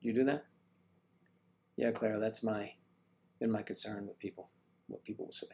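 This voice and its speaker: A man's voice: lowish voice, steady tone, moderate pace, darkish tone, a little hiss or hum. An older man hosting a casual livestream chat, reading viewer comments aloud in a jokey, teasing way. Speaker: livestream host.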